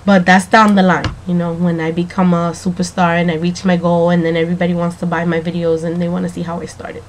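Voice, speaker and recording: A woman keeping a casual video diary, chatty and rambling, talking straight to the viewer, slightly hoarse from allergies. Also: lowish voice, level tone, fast, hardly any pauses.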